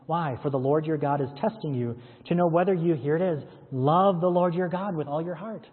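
A male pastor preaches through a run of scripture verses, pausing to ask his listeners pointed questions. His voice sits a little high and sounds husky. The recording is thin and phone-like, with a long echo from a large hall. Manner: expository preaching, quoting and explaining scripture with rhetorical questions. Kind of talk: sermon.

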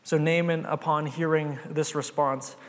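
A man's voice: a little high, level tone, a little slow. A man preaching a sermon, retelling a Bible story in an earnest, conversational way. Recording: long hall reverb.

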